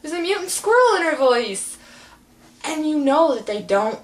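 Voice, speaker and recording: A young woman ranting casually to her webcam, animated and sarcastic, often breaking into mocking impressions. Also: high-pitched, normal speed. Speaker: vlogger. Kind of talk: casual rant to camera.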